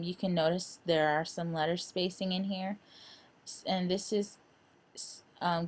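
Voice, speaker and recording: A woman giving a screen-recorded design lesson, talking in a halting way with many fillers and restarts. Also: lowish voice, darkish tone. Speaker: instructor.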